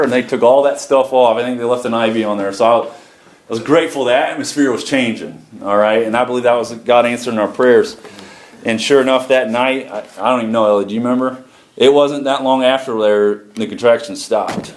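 A man's voice: mid-range voice, steady tone, a little fast. A man pastoring from the pulpit, telling a testimony in a folksy, conversational way with frequent chuckles. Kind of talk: sermon testimony. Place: church sanctuary. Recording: echoey church room, faint music.

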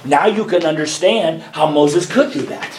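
A man preaching a sermon, building up to fervent, high shouts. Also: normal speed, slight background noise. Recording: echoey church room.

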